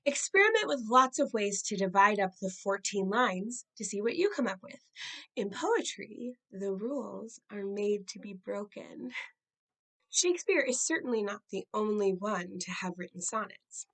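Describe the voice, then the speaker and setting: A woman hosting an educational show, narrating a lesson on sonnets in a clear, measured way and reading poems aloud. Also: mid-range voice, animated, fairly bright tone, poor audio. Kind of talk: scripted narration and poetry reading.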